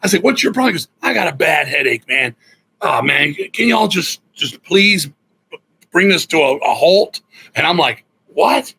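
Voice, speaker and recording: A man's voice: a little high, lively intonation, moderate pace, gravelly, bright, forceful tone, husky, low-quality recording. A middle-aged man from Virginia, a guest musician telling a story in a casual interview, swearing freely and acting out what other people said. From Virginia, USA.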